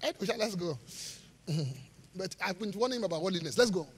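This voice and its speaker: A man preaching a live sermon as pastor, animated, asking the congregation rhetorical questions and laughing between points. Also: sits high, fairly quick, husky. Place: large church hall. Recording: live church sermon with long hall reverb.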